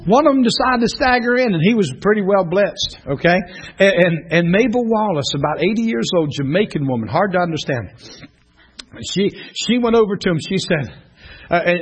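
A middle-aged man, a pastor teaching a class in a church room, telling stories in an animated way and often laughing. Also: sits high, brisk, slightly rough. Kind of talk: preaching to a class. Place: church classroom, streamed online.

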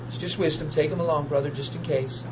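A man, preaching and telling a personal testimony, swinging from hushed talk to loud tearful laughter. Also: fairly high pitch, steady tone, quick pace. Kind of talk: testimony storytelling. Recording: dull lo-fi audio with noise.

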